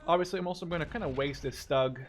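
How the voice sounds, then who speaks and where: Young man, from the Netherlands, gaming commentary, rambling, casual swearing, somewhat high voice, faint artillery behind. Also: fast talker, slight background noise. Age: 20s. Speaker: gaming YouTuber.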